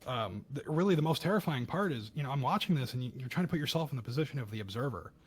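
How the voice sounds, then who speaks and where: A young man co-hosting a casual podcast, talking through a news story with heated emphasis and bursts of louder, higher speech. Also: very fast, husky. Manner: animated, acts out quoted voices with rising pitch and loudness. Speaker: podcast co-host. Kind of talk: casual political commentary chat.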